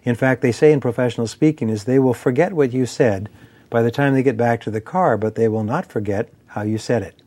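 Male speaker, motivational lecture, measured emphatic delivery, mid-range voice. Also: mid-range voice, warm tone. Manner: measured, emphatic, lists points in cadence. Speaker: speaker on persuasion and sales.

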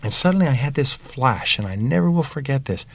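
A man's voice: mid-range voice, lively intonation, brisk, vocal fry, husky. A middle-aged man talking earnestly about family values, telling stories from his own home life. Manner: earnest storytelling with examples. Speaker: parenting speaker.

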